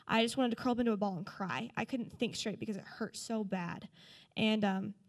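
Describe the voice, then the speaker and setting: A woman's voice: medium pitch, fairly quick. Young adult woman, earnest and chatty, recounting her testimony to a church group. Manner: earnest storytelling, many fillers. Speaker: church member sharing a testimony.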